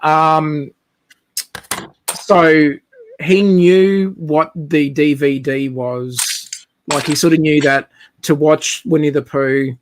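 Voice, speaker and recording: Man on a video call, casual rambling storyteller, slightly high pitch. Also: fairly even intonation, takes it slowly, slight background noise. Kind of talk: casual chat.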